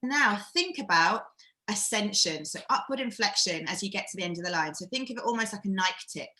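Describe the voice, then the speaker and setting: A woman leads a live-streamed acting workshop, coaching in a chatty, encouraging way. Her voice is bright and forward. She sounds echoey, as if on a video call from a bare room. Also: medium pitch, animated, brisk.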